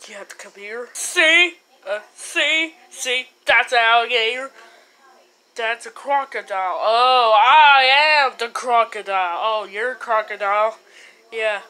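A woman voicing every character in a homemade comedy skit, mumbling some lines and shouting others. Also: on the high side, measured pace. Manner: switches between mumbling lines and sudden shouting. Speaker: amateur puppet-movie maker voicing all characters.

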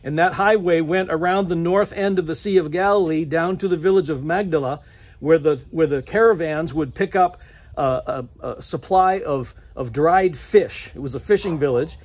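A man's voice: on the high side, moderate pace. A middle-aged male pastor preaching a sermon in a church, telling the story with restarts and acting out the quoted lines. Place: church sanctuary.

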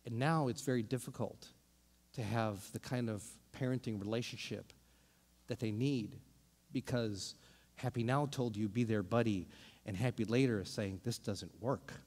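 A man preaching a sermon as pastor, animated and often restarting his sentences. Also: medium pitch, normal speed, big-room sound. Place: church sanctuary.

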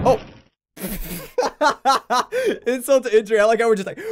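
Excitable man laughing through gameplay commentary. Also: very high voice, takes it slowly, long pauses. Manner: excitable, laughs often, exclaims in surprise. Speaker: gaming video host. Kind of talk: casual let's-play commentary.

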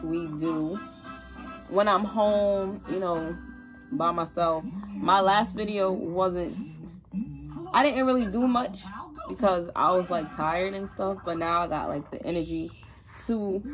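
A young woman and mother chatting casually in a vlog at home, relaxed and chatty with lots of fillers. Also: mid-range voice. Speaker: vlogger, mother. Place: home, indoors.

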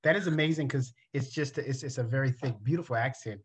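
A man's voice: medium pitch, fast talker, breathy edge. Enthusiastic male talk show host. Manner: enthusiastic, complimentary, hesitant fillers.

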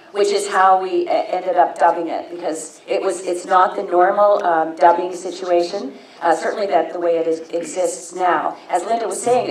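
A woman's voice: on the low side, darkish tone. A woman voice actress on a convention panel, chatty and wry, explaining her work at length. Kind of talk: casual anecdote to a crowd. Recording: echoey hall, voice from far off.

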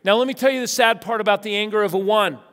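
A middle-aged man preaches in a church sanctuary, his voice sitting high for a man. He tells stories with lively energy and slips into the voices of the people he quotes. The sound carries a long hall reverb. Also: fast talker. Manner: animated storytelling, acts out quotes. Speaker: pastor. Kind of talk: sermon.

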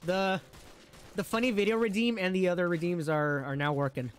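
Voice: medium pitch, fairly even intonation, brisk, clean tone. A game streamer chatting casually on a live stream, rambling, giggling and tripping over words.

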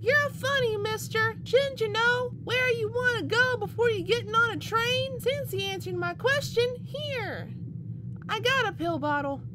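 A woman voicing a cheeky young child on a train in a high, sing-song voice, reading video game dialogue aloud. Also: a little slow, heavy background noise. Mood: teasing.

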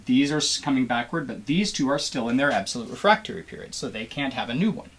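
An animated man teaching a biology lecture, his pitch swooping widely as he explains. He talks students through each step and keeps encouraging them, and his voice sits in a middle register. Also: quick pace, slightly rough. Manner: animated, acts out cheering crowd voices in examples.

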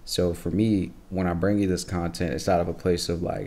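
A man's voice: sits low, level tone, a little fast, darkish tone. A tired young man hosting his channel, talking laid-back to viewers with lots of fillers. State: tired, low energy. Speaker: channel host. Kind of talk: casual video intro.

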